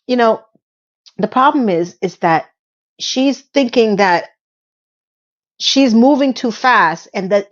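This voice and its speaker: Woman vlogger, mid-pitched voice, sassy and chatty commentary style with playful asides; slightly muffled audio. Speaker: video host. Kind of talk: casual episode recap commentary.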